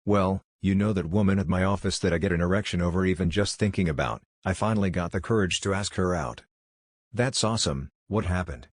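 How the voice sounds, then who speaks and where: A man reading a string of jokes aloud in a dry, deadpan way. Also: sits low, a little fast, no room sound. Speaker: joke narrator.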